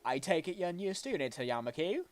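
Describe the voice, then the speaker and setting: A man putting on a calm, formal young woman's voice for a visual novel, raised well above his own pitch and spoken slow and measured. She sounds poised and gentle, never hurried. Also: soft background music. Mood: composed.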